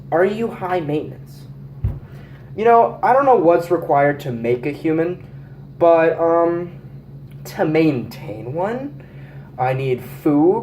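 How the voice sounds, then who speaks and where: In this vlog, shot in an echoey room with some faint background noise, a teen boy rambles, jokes, and swears casually. He speaks in a fairly high, mellow voice.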